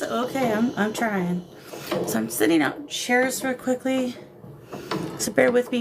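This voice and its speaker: Hosting a casual paranormal livestream on her phone camera, this woman has a gravelly mid-range voice, with background noise and shamanic drumming behind her. She welcomes viewers using affectionate pet names.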